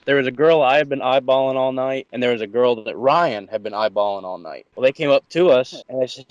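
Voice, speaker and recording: A man tells stories on a podcast, acting out what he and others said and swearing freely. His voice sits at a middle pitch. The audio is dry and a bit dull. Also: brisk, few pauses, no room sound. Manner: animated storyteller who acts out voices. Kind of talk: crude casual podcast chat.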